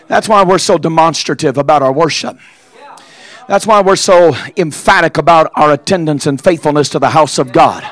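A man preaching a sermon as pastor, impassioned, with frequent "uh" fillers between shouted phrases. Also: fairly high pitch, normal speed, no room sound.

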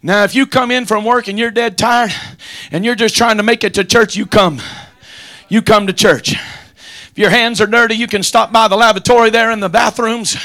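A man preaching a sermon in a rhythmic, shouted cadence, with an "uh" before each phrase and frequent amens. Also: high-pitched. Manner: frequent "amen" interjections.

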